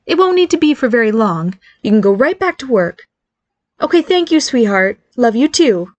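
Pitching above her own voice to a fairly high register, a woman reads an audiobook as an eager, anxious fairy godmother mother, middle-aged and cheerful, who chatters reassurances. She's very animated at a moderate pace, recorded with no room sound.

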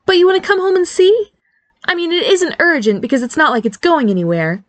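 In an audiobook reading, a woman voices a cheerful, nervous middle-aged fairy godmother mom who eagerly chatters and reassures, sounding chatty and anxious. Her voice is pushed up to a very high pitch, a little fast, with no room sound.

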